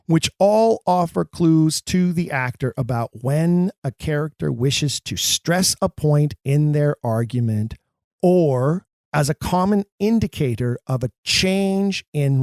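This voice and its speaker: A man with a voice pitched a little high talks emphatically and theatrically about stage verse, like a drama teacher. The sound is close and dry, with no room around it. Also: no echo. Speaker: podcast host. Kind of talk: scripted lecture on acting Shakespeare.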